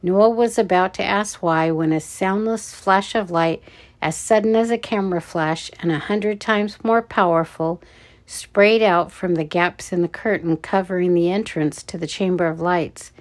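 Slow-reading woman storyteller. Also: lowish voice. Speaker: narrator. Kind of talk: children's story read aloud.

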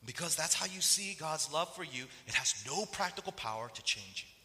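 A man preaching a casual, story-driven sermon in a sharp, very bright voice that sits a little high and swings widely in pitch. His words trail off into the long reverb of a large hall. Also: normal speed, hardly any pauses. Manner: animated storytelling that acts out quoted voices. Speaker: pastor. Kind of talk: conversational sermon.

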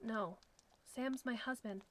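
A weakened, desperate wife whose voice cracks and trembles, read by a woman in her fairly high voice. She keeps her words quiet and halting. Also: slight background noise. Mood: tense. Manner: broken, shaky voice.

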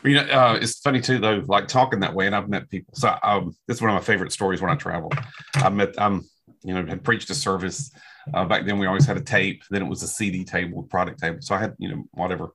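A man's voice: deep voice, fast talker, husky. A man who travels as an evangelist, telling stories in a casual way and acting out the dialogue. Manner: animated anecdotes, acts out dialogue. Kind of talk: casual storytelling chat.

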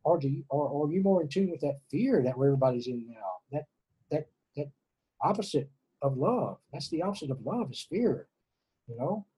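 A man's voice: fairly high pitch, lively intonation, normal speed, warm tone, husky, poor audio. A middle-aged man from Texas, an interview guest speaking earnestly and emotionally about spirituality, often repeating words and restarting. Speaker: interview guest, former prisoner.

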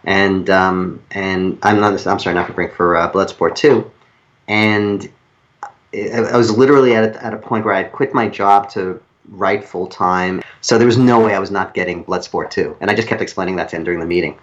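A middle-aged man from New York with a New York accent, a guest telling long stories in a rambling, halting way that keeps correcting itself. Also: low-pitched, fairly even intonation, muffled recording. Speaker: guest screenwriter. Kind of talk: casual interview storytelling.

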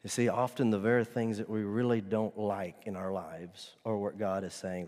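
A middle-aged man preaching a sermon as pastor, earnest and at times loud and emphatic. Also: fairly low pitch, fairly even intonation, normal speed, few pauses. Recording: long hall reverb.

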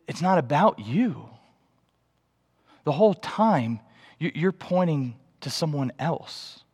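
Animated male preacher in a reverberant hall. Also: high voice, a little slow. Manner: animated storytelling, rising to excited outbursts. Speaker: pastor. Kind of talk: sermon. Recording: long reverb of a large hall.

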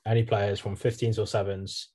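A young man with a fairly low voice co-hosting a laid-back podcast. He keeps it dry and brisk, moving the chat along. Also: little pitch movement, dark tone. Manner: dry, brisk, moves things on. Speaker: podcast co-host. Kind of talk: casual chat.

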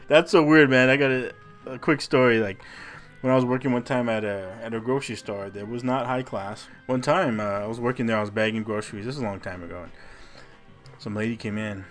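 A man's voice: medium pitch, brisk, a bit bright, faint music behind. A man co-hosting a podcast, casually telling a story, swearing freely and laughing a lot. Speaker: podcast co-host. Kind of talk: casual chat.

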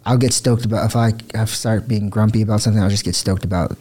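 A man's voice: fairly low pitch, a little fast, a little mellow. A man who is a guest on a podcast, chatting in a laid-back, easygoing way. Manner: laid-back and easygoing, says "stoked" and "sweet". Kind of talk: casual podcast chat.

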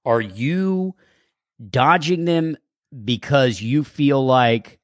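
A man's voice: medium pitch, extremely slow, clean tone, no echo, studio quality. A man co-hosting a podcast, chatting casually and asking curious, probing questions. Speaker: podcast co-host. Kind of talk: casual chat.

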